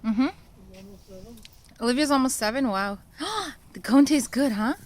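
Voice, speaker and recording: High, lively young mom's baby talk. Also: female voice, a little slow. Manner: sing-song, coaxing baby talk. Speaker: mother filming her baby. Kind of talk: home video baby talk.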